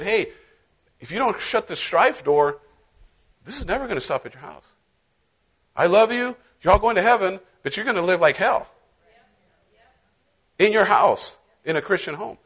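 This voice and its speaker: A man's voice: fairly high pitch, animated, fairly quick, pauses often, fairly bright tone. A middle-aged male pastor preaching a sermon in a conversational, playful way, acting out little voices as he goes.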